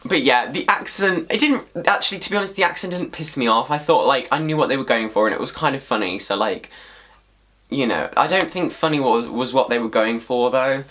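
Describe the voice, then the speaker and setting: A man ranting casually to camera as a vlogger, swearing freely in an animated, exasperated way. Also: medium pitch, fairly quick.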